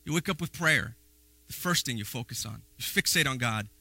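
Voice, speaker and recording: A man preaching a sermon in a folksy, animated way, with playful asides and frequent restarts. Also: mid-range voice, a little fast, gravelly, no room sound. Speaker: pastor.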